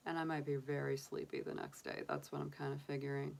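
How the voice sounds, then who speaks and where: A woman's voice: low voice, level tone, fast talker, creaky, hardly any pauses. A middle-aged woman hosting a tarot livestream, chatting casually with viewers, often laughing and talking straight to them. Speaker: tarot reader and channel host.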